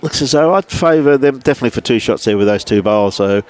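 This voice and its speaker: A man's voice: mid-range voice, animated, quick pace, a little mellow. A man with an Australian accent commentating a lawn bowls livestream, chatty and matey, greeting viewers by name from behind a glass window. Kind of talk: live sports commentary with viewer shout-outs. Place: indoors behind a glass window beside the green.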